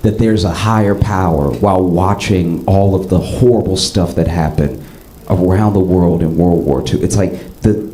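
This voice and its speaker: Low-voiced man doing animated stand-up. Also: normal speed, reverberant, faint music behind, rough recording. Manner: animated storytelling, jumps up high into excited bits. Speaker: stand-up comedian. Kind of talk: stand-up comedy set.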